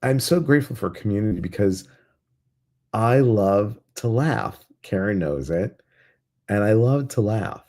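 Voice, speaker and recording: A man with a lowish, expressive voice hosts a live guided meditation. He's talkative and laughs often while going through viewer comments, then settles into a slow, soft, calming delivery.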